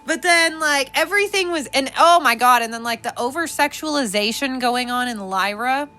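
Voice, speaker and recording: A young adult woman hosting a casual podcast, sassy and animated, laughing often. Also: high voice, normal speed. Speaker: podcast host.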